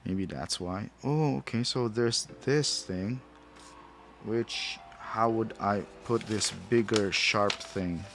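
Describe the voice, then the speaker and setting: A man's voice: fairly low pitch, takes it slowly, noisy background. A man who is not a native English speaker, casually rambling and thinking aloud as he reviews a toy, chuckling at himself. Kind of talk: casual unboxing commentary.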